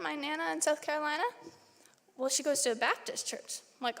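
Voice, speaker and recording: A young woman giving a personal testimony in church, telling her story in a lively way and acting out her own reactions. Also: sits high, a little fast, vocal fry. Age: young adult. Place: church sanctuary. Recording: long church hall reverb.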